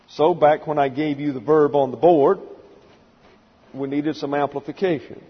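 Husky-voiced man teaching from the pulpit. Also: fairly high pitch, steady tone, normal speed, big-room sound, highs cut off. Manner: methodical, numbered points, dry asides. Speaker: pastor. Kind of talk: expository Bible teaching.

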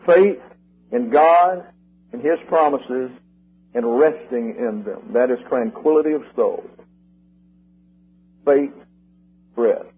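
Heard over a tinny, lo-fi radio broadcast, an older man preaches a sermon in a husky, mid-range voice. He works through numbered points, repeating key slogans slowly and with emphasis.

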